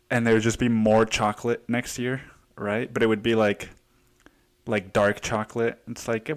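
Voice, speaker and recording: A man's voice: fairly low pitch, fairly even intonation, moderate pace. A man hosting a casual solo podcast, profane and rambling, laughing often and out of breath as he talks. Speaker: podcast host.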